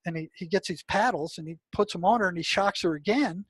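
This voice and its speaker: An older man, a retired mental health practitioner, recounting his experiences as an interview guest, animated and full of restarts. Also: sits high, fast, husky, no room sound. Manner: animated, many restarts, exclaims when recounting. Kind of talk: storytelling interview talk.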